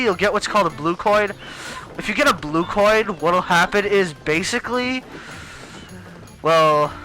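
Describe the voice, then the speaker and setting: Young male let's-play host, excitable and rambling, animated and sharp in tone. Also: high-pitched, rough recording. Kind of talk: casual gameplay commentary.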